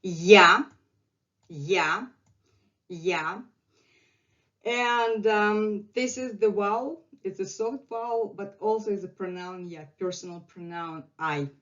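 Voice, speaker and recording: A woman's voice: medium pitch, slow pace, a bit bright. A middle-aged woman with a Russian accent teaching a language lesson, patiently repeating words for learners, recorded with dull lo-fi sound.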